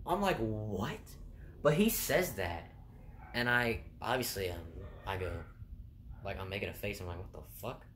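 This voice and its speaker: A man's voice: deep voice, expressive, normal speed, fairly bright tone, slight background noise. A young man casually rambling through funny stories from his food court job, laughing and swearing as he goes. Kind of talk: casual storytelling.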